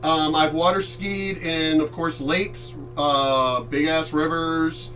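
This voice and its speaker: Lively high-voiced man telling stories. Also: slow pace, recorded from a distance, faint music behind. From Chesapeake Bay area, US. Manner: animated, loud, swears freely, acts out voices. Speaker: streamer host. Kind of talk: casual storytelling.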